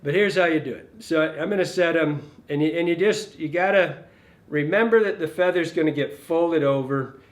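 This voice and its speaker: A man's voice: fairly high pitch, normal speed. A middle-aged man demonstrating fly tying in a casual, rambling, folksy way, often correcting himself mid-sentence.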